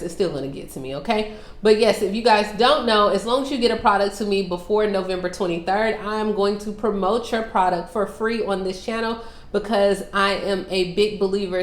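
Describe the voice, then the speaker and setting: A woman's voice: mid-range voice, reverberant. Sassy, teasing woman vlogger. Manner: sassy, teasing, calls viewers girl and sis. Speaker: YouTube host answering viewer questions. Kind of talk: casual Q&A vlog.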